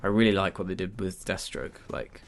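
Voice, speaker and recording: A man's voice: low-pitched, a little fast, creaky. A man chatting casually in a game review, hesitant with many fillers and restarts.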